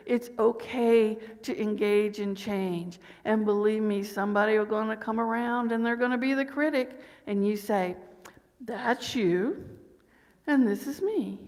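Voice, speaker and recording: A middle-aged woman with a fairly high voice preaches in a friendly, conversational way and keeps posing questions to her listeners. Her words ring out with the long reverb of a church sanctuary. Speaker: minister. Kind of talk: sermon.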